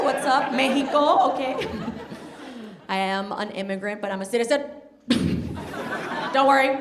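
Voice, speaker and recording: A young woman from Colombia doing a brash, self-mocking stand-up set, teasing the crowd and laughing at her own jokes. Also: medium pitch. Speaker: stand-up comedian. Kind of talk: stand-up set before a live audience. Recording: noisy live club sound with crowd laughter. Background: audience laughter.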